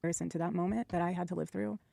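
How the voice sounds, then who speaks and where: A woman's voice: fairly low pitch, steady tone, racing, creaky, dark tone, no echo, studio quality. A woman speaking earnestly and defiantly in a faith-based question-and-answer session. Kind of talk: earnest personal testimony.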